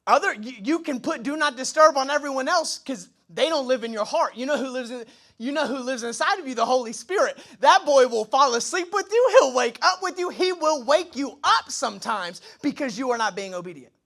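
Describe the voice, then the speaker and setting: A male pastor preaching an energetic sermon in a conversational way, with quick asides to the congregation and moments where he acts out dialogue in other voices. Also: very high voice.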